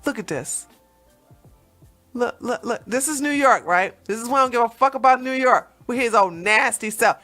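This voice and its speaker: Brash, bright-voiced woman commentator. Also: a little high, lively intonation, normal speed, soft background music. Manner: brash, profane and sassy, with mocking outbursts. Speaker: host of a political commentary livestream. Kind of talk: opinionated political commentary.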